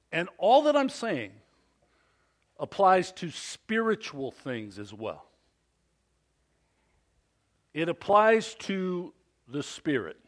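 A male pastor preaching a sermon at a church service, telling a story with animated delivery and frequent questions to the congregation. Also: a little high.

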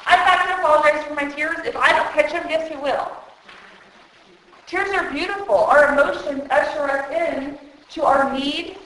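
This high, fairly bright female voice belongs to a preacher at a women's conference. Earnest and emotional, she delivers her sermon straight to the crowd on a handheld mic in a very reverberant hall.

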